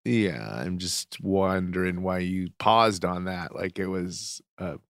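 A man with a nasal voice co-hosting a podcast, joking in a deadpan, contrarian way during casual chat. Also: low-pitched, slow pace, no echo, studio quality. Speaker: podcast co-host.

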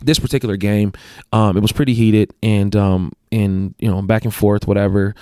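A man's voice: lowish voice, fairly even intonation, moderate pace, darkish tone, smooth, dry recording, studio quality. A man who coaches basketball, telling a story in casual chat, rambling with restarts and self-corrections. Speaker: guest, basketball coach and athletic director.

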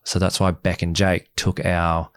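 Gravelly deep-voiced man. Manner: fast, animated retelling, acts out quoted exchanges. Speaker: podcast guest, former reality show groom. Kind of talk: candid storytelling interview.

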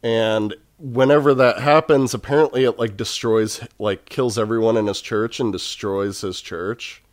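A man's voice: on the low side, steady tone, a little slow, no echo, clean studio sound. A man from Texas in casual podcast chat, rambling with many fillers. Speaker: podcast co-host.

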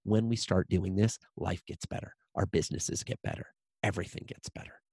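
A man's voice: low voice, steady tone, fairly quick, a little mellow, slightly rough, no echo. A man speaking as a guest in an interview, telling a story with emphasis and repeating short lines for weight.

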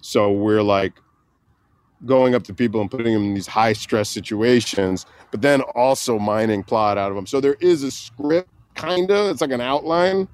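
A man being interviewed, telling a story with laughs and acting out the people he quotes in loud voices. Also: medium pitch, normal speed, clean tone, no echo. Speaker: guest, comedian and prank filmmaker. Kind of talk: animated anecdote telling.

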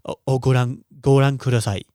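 Male teacher, casual and chatty, mid pitch, dry close recording, laughs at himself. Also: fairly even intonation, a little fast, mellow, no room sound. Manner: chatty, laughs at his own jokes. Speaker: language teacher. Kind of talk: casual video lesson.

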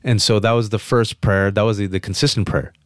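A man as an interview guest, telling a personal story with emphatic, quick restarts. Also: lowish voice, no room sound, studio quality. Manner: emphatic, fast restarts, animated quotes. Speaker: guest on a podcast.

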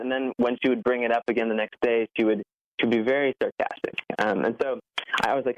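Earnest thirties founder, quick and self-correcting, heard over a muffled remote line. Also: male voice, mid-range voice, fairly even intonation. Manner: earnest, fast, full of restarts, acts out quoted voices. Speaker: app founder, guest. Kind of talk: remote interview conversation.

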